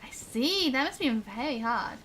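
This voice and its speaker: A young woman streaming a game, reading its dialogue aloud and chatting, bubbly and quick to laugh at her own slips. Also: sits high, expressive, a bit bright, a little hiss or hum. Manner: chatty, bubbly, stumbles on words and laughs at herself. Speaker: gaming streamer. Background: game music.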